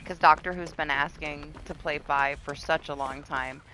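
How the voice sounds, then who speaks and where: A woman's voice: low voice, steady tone, moderate pace, sharp tone, slight background noise, low-quality recording. A woman streamer chatting casually while playing a game live, greeting viewers, swearing now and then and laughing often. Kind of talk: casual live gameplay chat. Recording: game music playing behind.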